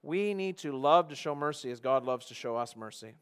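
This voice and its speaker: An earnest male pastor delivers a sermon at a middle pitch. He climbs to loud, emphatic peaks, then drops to near-hushed tones as he presses his points home. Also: expressive, fairly quick, clear, resonant tone.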